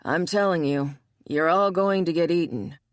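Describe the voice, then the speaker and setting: A woman's voice: lowish voice, moderate pace, dry recording, studio quality, close to an everyday voice. A woman voicing a big, protective male bear shifter in an audiobook, grumbling and dramatic.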